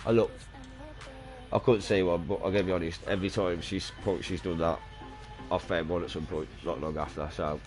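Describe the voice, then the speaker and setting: A man's voice: low voice, fairly even intonation, moderate pace, soft background music. A man chatting casually and swearing while streaming a game. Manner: swearing, rambling storytelling. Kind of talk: casual chat while gaming.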